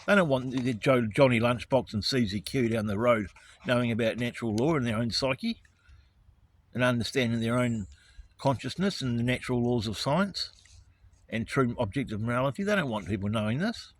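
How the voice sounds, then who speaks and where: A man's voice: mid-range voice, lively intonation, normal speed. A man, ranting in an angry, profane monologue about righteous indignation. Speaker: vlogger.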